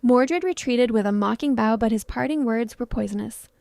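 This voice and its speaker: A woman reading a dramatic romance story aloud as narrator, in a steady storytelling manner. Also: fairly high pitch, moderate pace, vocal fry, no room sound, clean studio sound. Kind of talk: scripted audiobook narration.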